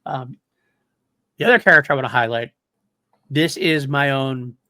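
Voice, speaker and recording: A man's voice: medium pitch, normal speed, pushed and bright, dry recording. A man hosting a podcast in casual chat, enthusiastic and rambling, laughing often. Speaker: podcast host.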